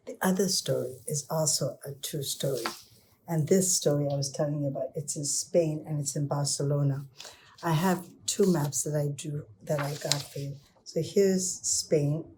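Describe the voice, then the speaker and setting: A woman telling stories to children in an informal way, with pauses and restarts. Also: deep voice, mellow, a little hiss or hum. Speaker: storyteller.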